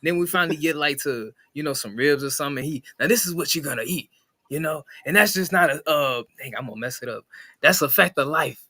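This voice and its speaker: Chill podcast guy, bright voice, dry sound. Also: a little high, fast talker, dry recording. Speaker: podcast co-host. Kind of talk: casual chat.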